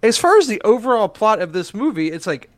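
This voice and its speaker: A man on a casual podcast chat, rambling and halting as he talks. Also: sits high, sing-song, no room sound.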